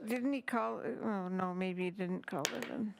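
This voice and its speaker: A woman's voice: medium pitch, normal speed, creaky, crowd noise. A woman making dry quips in casual backstage chat in a TV studio.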